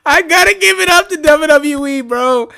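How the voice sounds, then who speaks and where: A man ranting casually as a wrestling reaction YouTuber, laughing often and talking in an animated, chatty way. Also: extremely high pitch, normal speed, creaky, a little hiss or hum. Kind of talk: casual unscripted rant.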